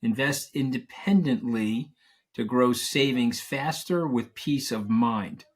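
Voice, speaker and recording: A man's voice: mid-range voice, slow, slightly rough. A man hosting an interview, effusive, upbeat and chatty as he introduces and thanks his guests. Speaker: host.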